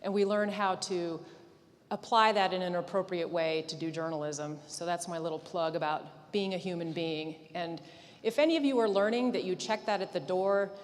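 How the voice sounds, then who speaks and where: A woman's voice: on the low side, normal speed. A woman, a newspaper editor, speaking earnestly and directly to students at a conference. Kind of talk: conference talk. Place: large convention hall. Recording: echoey hall.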